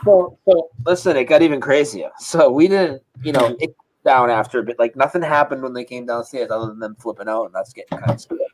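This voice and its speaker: A man tells a story in a loose, animated way, stops to mimic thuds and footsteps, and swears without a second thought. His voice sits at an ordinary middle pitch and comes through a video call. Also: a little fast, slight background noise, rough recording. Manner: animated, imitates sounds, swears freely. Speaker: interview guest. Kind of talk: casual storytelling.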